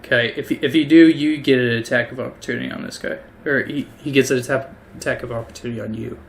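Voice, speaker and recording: A man's voice: mid-range voice, fairly even intonation, fast talker, gravelly, slight background noise. A man narrating a tabletop game as game master, casual and hesitant with many fillers.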